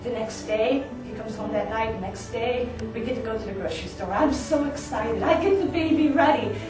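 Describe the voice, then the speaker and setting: A young woman telling an improvised comic story on a small stage, lively and getting excited as she acts out her own lines. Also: a little high, brisk, over music. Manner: animated, builds to excited yelling when quoting herself. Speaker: storyteller performer. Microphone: far room recording from the audience. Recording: echoey theater recorded from far off.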